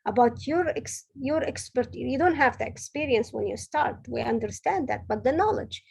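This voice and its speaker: This woman's voice is high, animated, creaky and a bit rough, moving at a moderate pace over poor audio. She's a middle-aged senior director delivering earnest, direct encouragement and advice to women at work, often stopping to fix what she just said.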